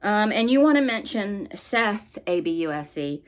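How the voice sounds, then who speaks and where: A woman's voice: medium pitch, sing-song, moderate pace. A woman hosting a commentary channel, delivering an angry, scolding rant with blunt swearing.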